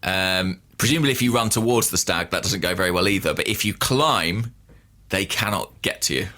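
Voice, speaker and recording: A man, co-hosting a casual podcast and telling stories in a wry, deadpan way. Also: low-pitched, a little fast. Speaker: podcast co-host. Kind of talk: casual chat.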